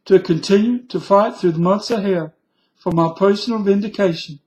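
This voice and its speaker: A man doing an impression of a soft-spoken, folksy former president reading a speech. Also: high-pitched, pitched above the performer's own voice, poor audio.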